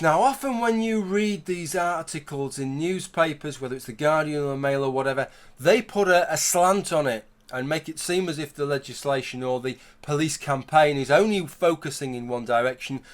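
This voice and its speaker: Argumentative man, slightly high voice. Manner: argumentative, conversational, builds hypothetical scenarios. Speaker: YouTube commentator. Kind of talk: opinion commentary monologue.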